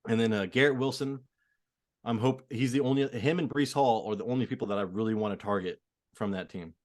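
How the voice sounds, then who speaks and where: A man co-hosting a fantasy football podcast, talking casually and opinionatedly with lots of fillers. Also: mid-range voice. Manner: filler-heavy, quick, opinionated. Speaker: podcast co-host. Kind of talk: casual sports chat.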